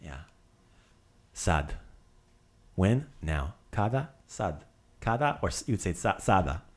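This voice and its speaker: Low-pitched guy teaching words, voice jumps around a lot, playful. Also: slow pace, husky. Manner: playful, animated, drills words. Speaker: language teacher. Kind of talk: casual language lesson.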